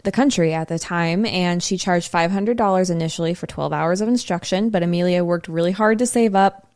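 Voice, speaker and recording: A woman's voice: lowish voice, a little fast, darkish tone. A woman hosting a podcast, telling a history story in a casual, chatty way with side remarks.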